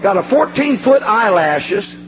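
Fervent preacher man, shouting and hushed. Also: very animated, unhurried, muffled recording, a faint crowd, slight background noise. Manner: fervent, rising to shouts, dropping low and hushed. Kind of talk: sermon.

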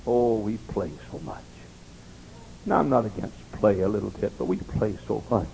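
A male pastor preaching a fervent sermon, swinging between hushed, intimate passages and ringing calls. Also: on the low side, normal speed, gravelly, a little hiss or hum, rough recording.

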